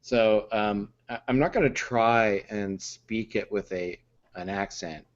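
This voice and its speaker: A man co-hosting a podcast, chatting casually over beer in a hesitant way with many pauses, on muffled lo-fi audio. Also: fairly low pitch. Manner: hesitant, many ums and restarts. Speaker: podcast co-host.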